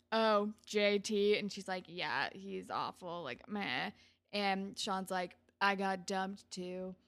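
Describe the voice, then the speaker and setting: Young woman, casual co-host, chatty and animated, quotes characters as she goes. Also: medium pitch, creaky. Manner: chatty, full of "like", acts out characters' lines. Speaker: podcast co-host recapping a TV episode. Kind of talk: casual chat.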